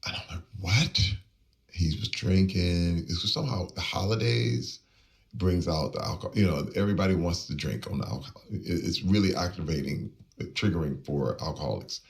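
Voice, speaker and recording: Deep, gravelly man telling a story. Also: fairly quick, distant mic. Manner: emphatic, acts out quoted lines, pitch swings up when stirred. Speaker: interview guest. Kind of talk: emotional personal storytelling.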